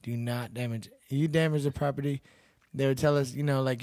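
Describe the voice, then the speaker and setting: A man from Texas tells his stories in a loose, casual way and gets louder when he acts out what people said. His voice sits at a middle pitch. It is recorded close and dry, with no room sound. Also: fairly quick, few pauses, no room sound. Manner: animated, acts out quoted lines loudly. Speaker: bouncer and MMA fighter, podcast guest. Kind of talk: casual storytelling.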